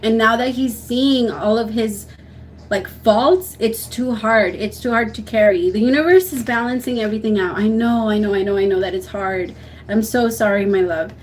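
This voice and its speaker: A woman's voice: a little high, moderate pace, a little hiss or hum, rough recording. A young woman giving a tarot reading on a livestream, talking in a soothing, emotional way and often restarting her sentences. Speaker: tarot reader.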